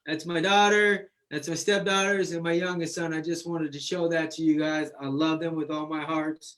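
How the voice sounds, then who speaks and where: A man's voice: on the high side, little pitch movement, moderate pace, a bit bright. A man sharing his life story in casual testimony, exuberant, calling out friends and saying "man" constantly.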